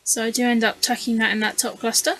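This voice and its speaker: A woman's voice: a little high, level tone, quick pace, a bit bright, low-quality recording. A tired woman casually narrating her scrapbooking process in a voice-over, rambling and hesitant with frequent fillers. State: tired, yawning. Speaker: scrapbooking channel host.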